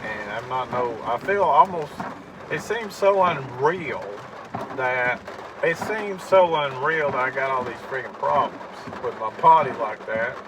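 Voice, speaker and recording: A man's voice: mid-range voice, unhurried, background noise. A middle-aged man, rambling in a casual vlog monologue from a parked car, repeating himself and swearing when he gets angry. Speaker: vlogger. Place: parked car in heavy rain.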